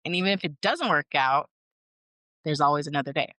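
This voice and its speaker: Lively, bright-voiced woman co-host. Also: sits low, a little fast, dry recording. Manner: animated storyteller, acts out her own past lines. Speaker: podcast co-host. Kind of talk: casual chat.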